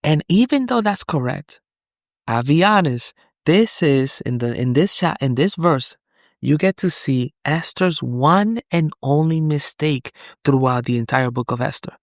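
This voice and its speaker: A man's voice: a little high, expressive, measured pace, no room sound, studio quality. A man giving an earnest, conversational Bible study talk, candid and often checking in with his listener. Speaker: Bible teacher.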